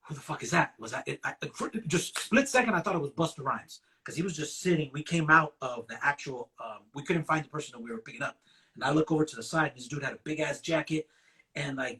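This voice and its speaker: A man in his forties from the US West Coast hosts a loose, casual chat. He tells stories in a relaxed, rambling way, with a slightly higher pitch and plenty of profanity. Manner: laid-back storytelling, swears freely. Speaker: podcast host.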